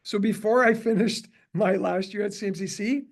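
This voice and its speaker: Canadian man in his 60s, pitched a bit high, interview guest, lively storyteller who acts out the dialogue. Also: normal speed, creaky. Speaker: chiropractor guest.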